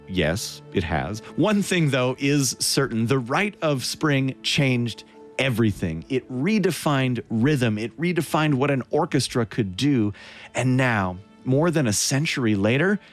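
A man presenting a classical music broadcast, telling the story in a measured way. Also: mid-range voice. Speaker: radio concert host.

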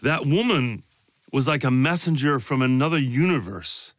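A man from Chicago talks as an interview guest, rambling loosely and leaning on "you know" and "like." His voice sits at an everyday middle pitch. The studio sound is close and dry. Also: lively intonation, normal speed, no room sound. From south side of Chicago. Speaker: guest, actor. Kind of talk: casual interview conversation.

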